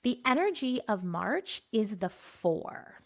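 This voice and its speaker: A woman from Pennsylvania hosting a podcast, giving a spiritual monthly energy forecast in a playful monologue, laughing often and drawing out key phrases slowly. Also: mid-range voice, sing-song. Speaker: podcast host.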